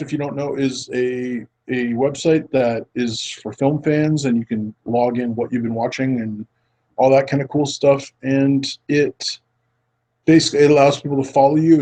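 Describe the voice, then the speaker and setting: Male podcast host with a slightly husky voice, chatty and earnest, keeps restarting his thoughts. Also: mid-range voice, a little mellow, low-quality recording. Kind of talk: casual film chat.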